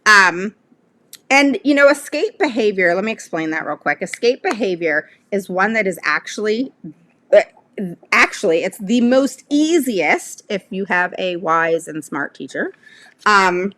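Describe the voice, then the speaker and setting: Bright-voiced middle-aged woman giving parents advice. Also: mid-range voice, animated, unhurried. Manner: conversational, often checks in with "all right?". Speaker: parent advocate. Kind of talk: casual advice talk to parents.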